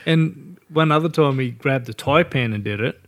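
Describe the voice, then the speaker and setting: An Australian man with a mid-pitched voice, co-hosting a laid-back podcast chat. He speaks bluntly and gruffly and swears without a second thought. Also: moderate pace. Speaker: podcast co-host. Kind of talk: casual chat.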